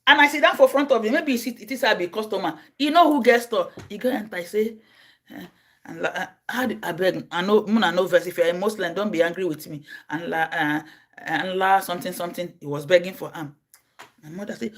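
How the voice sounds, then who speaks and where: A Nigerian woman telling stories on her livestream. She acts out the people in them, jumping from a low murmur to high cries and shouts. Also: brisk. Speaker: livestream host. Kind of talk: casual storytelling.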